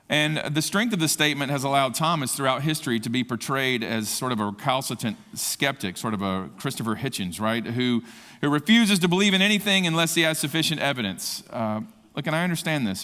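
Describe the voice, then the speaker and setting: A man preaching to a conference crowd, his voice at a middle pitch that rises forcefully whenever he presses a point. His delivery is earnest and impassioned. The sound rings with the long reverb of a big hall. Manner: impassioned, rising to emphatic peaks. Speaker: conference speaker. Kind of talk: sermon.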